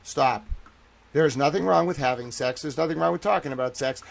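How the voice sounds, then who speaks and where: A man from the Boston area hosting a livestream, ranting and pleading with his viewers, often swearing and slowing down to stress his words. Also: a little high, gravelly. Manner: pleading and repetitive, swearing, slows to stress each word. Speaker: livestream host. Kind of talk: impassioned solo livestream rant.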